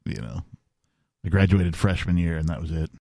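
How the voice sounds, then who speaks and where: A man's voice: deep voice, animated, normal speed, vocal fry, mellow, no room sound, studio quality. A man hosting a talk radio show, chatting casually with lots of laughter and fillers. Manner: laughs often, rambling with filler words. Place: radio studio.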